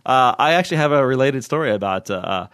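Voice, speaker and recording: A man's voice: mid-range voice, expressive, quick pace, fairly bright tone, dry recording, studio quality. A man hosting a podcast in casual chat, rambling with many fillers and frequent chuckles. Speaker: podcast host.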